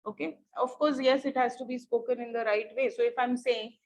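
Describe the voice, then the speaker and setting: A woman with an Indian English accent teaching an online English class, repeating each phrase slowly for students to underline. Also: fairly high pitch, fairly even intonation, a little mellow. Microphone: computer or headset mic on a video call. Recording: dull lo-fi online call audio.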